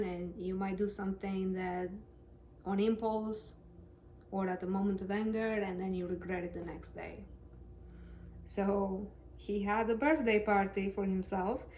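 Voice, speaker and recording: A woman's voice: medium pitch, a little mellow, a little hiss or hum. A woman reading scripture aloud with casual, sarcastic, joking commentary. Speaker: Bible reader and commentator.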